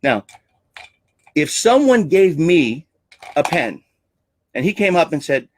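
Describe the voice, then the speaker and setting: A man's voice: a little high, very animated, slow pace, slight background noise. A man coaching on sales with a theatrical, emphatic way of talking. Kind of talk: teaching talk on selling.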